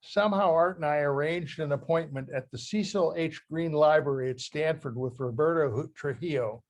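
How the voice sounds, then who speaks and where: An older man from Ohio, a guest speaker who reads from his memoir in a halting, heartfelt way and often restarts his phrases. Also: fairly high pitch, a little mellow. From Ohio, USA. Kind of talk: talk reading from his memoir.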